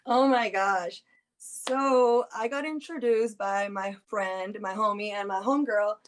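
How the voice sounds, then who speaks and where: A woman in her thirties telling a lively personal story in casual chat, laughing often and acting out what her friends said. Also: mid-range voice, measured pace, slight background noise. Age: 30s. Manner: animated, laughs often, acts out friends' lines. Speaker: guest.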